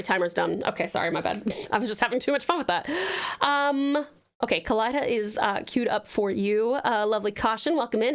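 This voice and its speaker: A woman's voice: fairly high pitch, fairly bright tone. A young Australian woman from Tasmania, chatting casually and affectionately with her live-stream audience, bubbly and giggly.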